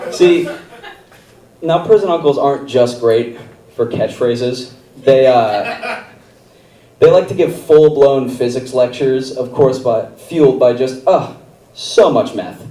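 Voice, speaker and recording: A young man tells a story in his stand-up set at a comedy theater, rambling casually and leaning on fillers. He has a warm, medium-pitched voice and takes it slowly. The mic is far away, so the theater sounds roomy.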